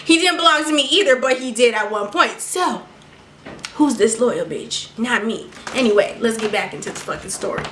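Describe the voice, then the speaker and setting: A woman's voice: on the high side, animated, normal speed, a bit bright, recorded from a distance. A young woman vlogger telling a story with sass, profanity and laughter, recorded at home. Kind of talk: storytime vlog. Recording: echoey room, mic set back.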